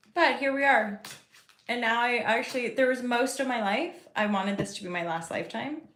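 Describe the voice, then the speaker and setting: A woman's voice: fairly high pitch, moderate pace, long pauses, fairly bright tone. Rambling, chatty tarot-reading woman in an echoey room. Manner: rambling, chatty, spiritual talk to viewers. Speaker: tarot reader and host. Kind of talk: casual live tarot reading. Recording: roomy echo.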